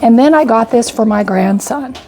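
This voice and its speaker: An older homestead vlogger casually goes through her grocery haul item by item, chatty and a little out of breath, repeatedly saying "I got" and "went ahead." Her voice is a little high and a little mellow, at a moderate pace, with slight background noise.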